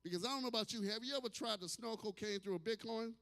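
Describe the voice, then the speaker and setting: Fast and high-pitched, this man is a stand-up comedian from New Orleans in his fifties, performing at a distillery bar for a live audience. His delivery is loud, brash, and profane, with sudden shouts and acted asides, all heard through the hall reverb of a club room.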